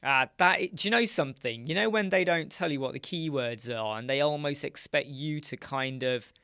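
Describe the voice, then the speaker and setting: A man hosting a casual live stream, chatting and muttering asides as he works on a website in a dark home studio with soundproof panels. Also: on the high side, moderate pace, clean tone, dry recording. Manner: chatty, muttering asides while working on screen. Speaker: live stream host, web designer. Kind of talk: casual live-stream chat while working.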